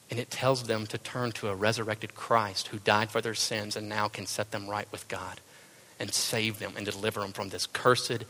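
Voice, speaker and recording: A male pastor preaching a sermon, firing rhetorical questions and then dropping to hushed tones. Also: fairly low pitch.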